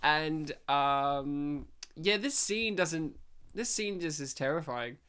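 Jokey male host with a fairly high voice, animated delivery, prone to high mocking asides. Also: slow pace, clear, resonant tone. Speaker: podcast host leading a movie commentary. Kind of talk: casual movie commentary chat.

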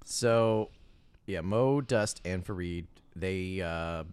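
A man's voice: low-pitched, slow, darkish tone, smooth. A man co-hosting a podcast in casual chat, recapping a movie with laughing, sweary jokes and asides. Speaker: podcast co-host.

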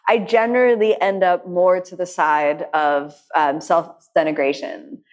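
A woman's voice: fairly low pitch, steady tone, a little slow. Reflective woman teaching yoga. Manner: reflective, warm storytelling with many restarts. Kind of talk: talk with audience questions. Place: studio class with people also joining online.

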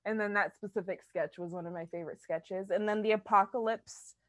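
A young woman co-hosting a podcast in casual chat, animated, laughing often and swearing freely. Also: medium pitch, fairly quick, no room sound. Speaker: podcast co-host.

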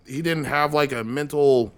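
A man with a fairly high voice talks through a story in halting bursts. He restarts his sentences, fills the gaps with "uh" and "like", and swears casually as he goes. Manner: halting, stumbling starts, profane.

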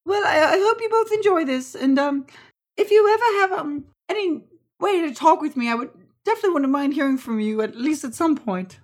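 A woman voicing a fussy, doting older auntie in a tabletop role-play game, in a high, loud voice. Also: expressive, brisk.

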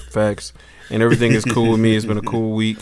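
A man hosting a podcast in casual chat, telling stories in a relaxed, slangy, joking way. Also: lowish voice, fairly quick. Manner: laid-back storyteller, slangy and joking. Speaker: podcast host.

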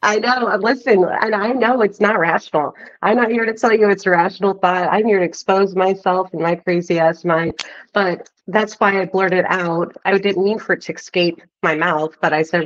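A woman's voice: mid-range voice, steady tone, moderate pace, highs cut off. A woman from Ohio, a podcast guest, chatting candidly and laughing often. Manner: giggly and candid. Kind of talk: casual podcast chat.

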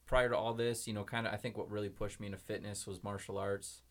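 Fast-talking low-voiced young man. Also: flat delivery. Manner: rambling storytelling with many fillers. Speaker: guest. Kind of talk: casual podcast chat.

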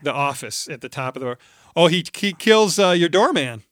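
A man's voice: on the high side, lively intonation, normal speed, fairly bright tone, no room sound, clean studio sound. Easygoing, teasing male podcast co-host. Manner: easygoing, teasing, laughs often. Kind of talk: casual film review chat.

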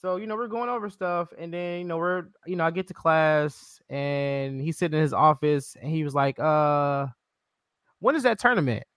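A man hosting a podcast in a relaxed, chatty way, dropping plenty of fillers as he tells a story. His voice is a little higher than average, and the sound is dry and close. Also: moderate pace, few pauses, smooth, no echo. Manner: relaxed, many "you know" fillers, quotes himself. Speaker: podcast host. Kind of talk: casual chat.

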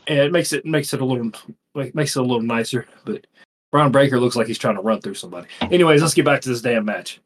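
Husky male co-host, rambling and profane, lots of filler. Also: medium pitch, fast. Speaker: podcast co-host. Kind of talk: casual chat.

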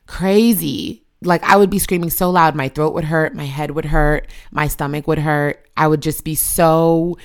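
Mother in her thirties, low-pitched, candid and emotional personal storyteller. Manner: emotional, confessional, acts out her own past yelling in a shrill voice.

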